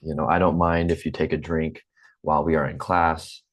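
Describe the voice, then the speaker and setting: A man in his forties with a General American accent, teaching an online English class slowly and patiently, repeating himself, over a computer mic on a video call. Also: extremely low pitch, little pitch movement. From United States. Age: 40s.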